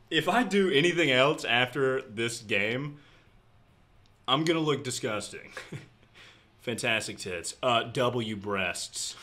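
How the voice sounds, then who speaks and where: A young man livestreaming a game, talking to his chat in an unhurried, bright, forceful voice. He swears freely and chats casually. His voice bounces around a roomy, echoey space. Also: medium pitch. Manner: profane, talks to chat between rounds. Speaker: streamer. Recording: roomy echo.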